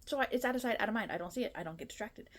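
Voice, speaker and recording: A woman's voice: on the high side, racing, fairly bright tone. A woman in her twenties chatting casually to her phone camera at home, rambling and a little nervous. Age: 20s. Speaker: booktuber. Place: her apartment.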